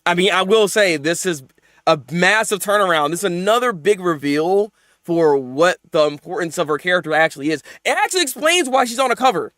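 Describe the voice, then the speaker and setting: A man streaming a live manga reaction, talking in loose, slangy bursts and laughing a lot. His voice sits high and leaps around wildly. The sound is dry and close, with no room around it. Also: brisk, no echo. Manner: excitable, laughs often, jumps between mumbling and loud outbursts; casual slangy talk.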